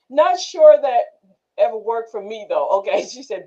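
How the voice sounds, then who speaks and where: A woman's voice: fairly high pitch, sing-song, a little slow, mellow. A woman hosting a casual group discussion, telling stories animatedly and laughing often. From northern United States. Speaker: class host. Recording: muffled lo-fi recording.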